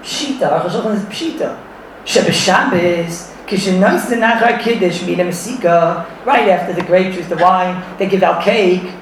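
A man leads a lively Torah class for an audience, his voice pitched fairly high and full of laughter as he mixes Yiddish and Hebrew terms into his English. He is recorded from a distance in a very echoey room, with a faint hiss underneath. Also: normal speed. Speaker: Torah teacher. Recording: echoey room, far from the mic.

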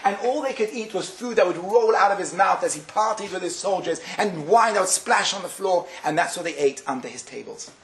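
A man giving a Torah lecture, telling stories with animated delivery and acting out the quotes. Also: fairly quick, few pauses, echoey room, rough recording. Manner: animated, acts out quotes with sharp pitch jumps. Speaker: rabbi giving a Torah class.

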